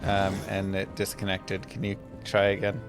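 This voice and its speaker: A male streamer with an everyday voice, chatting live while game music plays clearly underneath. He laughs at the assistant and grows impatient, pressing it again and again to just get on with it. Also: deep voice, completely flat delivery, moderate pace. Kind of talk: live gameplay stream chat.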